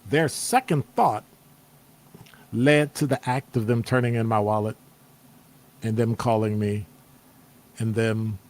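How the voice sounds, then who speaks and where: A man's voice: fairly low pitch, takes it slowly, pauses often. A man, hosting a casual motivational live stream and acting out people's reactions with playful exclamations. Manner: animated, acts out quoted reactions with playful exclamations. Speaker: host. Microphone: streaming setup microphone.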